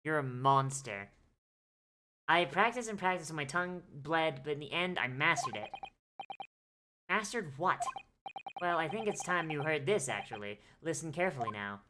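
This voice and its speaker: A woman's voice: low-pitched, expressive, moderate pace, pauses often, noisy background. A young woman streaming a video game, reading its dialogue aloud in playful voices and joking with crude swearing. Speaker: VTuber streamer. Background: game music.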